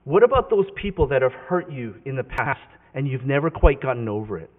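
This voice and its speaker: A man's voice: medium pitch, big pitch swings, fairly quick. A male pastor preaching a sermon in a conversational, emphatic way, often correcting himself mid-sentence. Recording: tinny phone-like sound with long hall reverb.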